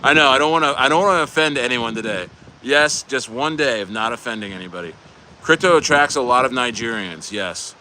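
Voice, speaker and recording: Bright-voiced man chatting to his stream. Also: medium pitch, fairly quick, slight background noise. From United States. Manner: loose, joking banter with chat viewers. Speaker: crypto livestream host. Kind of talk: casual livestream chat reading comments.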